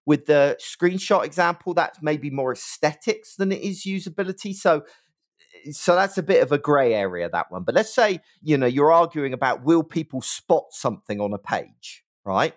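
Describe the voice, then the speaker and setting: Middle-aged man, West Country English accent, upbeat expert guest, very expressive intonation. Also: fairly high pitch, moderate pace. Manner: animated, emphatic, peppers speech with "right?". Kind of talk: conversational interview.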